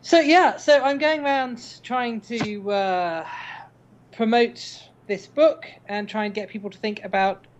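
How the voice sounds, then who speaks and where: Measured, formal male guest. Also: high-pitched, slight background noise. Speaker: guest author. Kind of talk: interview chat.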